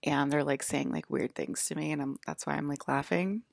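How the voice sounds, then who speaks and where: A woman's voice: deep voice, steady tone, a little fast, vocal fry, dry recording, studio quality. A woman in a rambling personal monologue, leaning heavily on "like" as she talks. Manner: rambling, heavy use of "like". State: close to tears.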